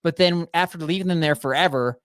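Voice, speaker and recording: A man's voice: on the high side, brisk, a bit bright, clean tone, dry recording, clean studio sound. A man co-hosting a casual backpacking chat, steering the topics and reading out segments. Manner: steers the talk, reads out segments. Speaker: podcast co-host.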